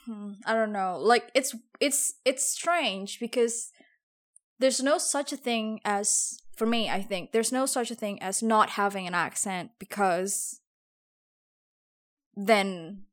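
A woman from Java, Indonesia, talks things through on a podcast, careful and thoughtful. She hesitates often, filling gaps with soft ums while she finds her words. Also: mid-range voice, slow pace. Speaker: podcast co-host, former English teacher. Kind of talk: casual chat.

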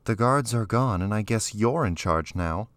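A man's voice: fairly low pitch, expressive, normal speed, a bit bright, no room sound, voice pushed up. A man reading aloud, voicing a defiant teenage girl who leads a rebel camp, speaking bluntly. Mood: assertive.

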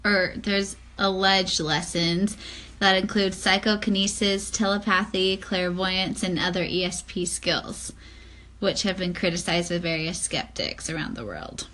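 A woman's voice: on the low side, unhurried, bright, forceful tone. A woman co-hosting a casual chat podcast, reading from notes and chatting with frequent "like" fillers. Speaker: podcast co-host.

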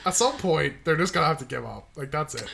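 A man with a higher, bright voice talks in loose, casual chat. He jokes and swears freely, and his pitch swings widely. Faint noise sits behind him. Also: lively intonation, quick pace, vocal fry. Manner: jokey, swears, laughs often. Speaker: podcast co-host.

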